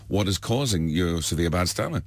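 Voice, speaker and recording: A man playing a brisk confident doctor. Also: sits low, animated, voice pushed down. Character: matter-of-fact male doctor.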